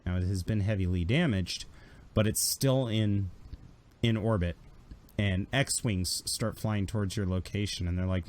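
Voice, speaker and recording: A man narrating a tabletop game as game master in a casual, animated storytelling way. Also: on the low side, measured pace.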